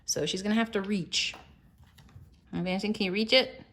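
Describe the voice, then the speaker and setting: A woman's voice: mid-range voice, fairly even intonation, moderate pace, fairly bright tone, slight background noise. A young mother encouraging her toddlers at the table at home, cheerful and sing-song, sometimes dropping to a whisper. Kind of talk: casual home video with children.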